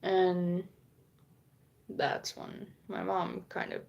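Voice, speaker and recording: Slow-talking woman telling a story. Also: fairly low pitch, completely flat delivery, gravelly, a little mellow, lo-fi sound. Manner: rambling, frequent swearing, acts out quoted lines. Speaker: vlogger. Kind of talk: casual storytelling.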